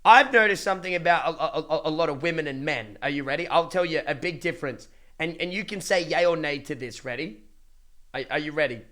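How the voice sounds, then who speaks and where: A man's voice: fairly high pitch, fairly quick. Blunt, profane young streamer man. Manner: blunt, profane, animated ranting with many restarts. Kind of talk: casual livestream rant to chat.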